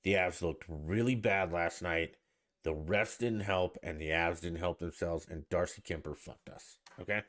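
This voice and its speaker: Speaking at normal speed with few pauses, this podcast host has a low, steady, fairly bright voice. He rants solo and casually, sounding blunt, annoyed and profane.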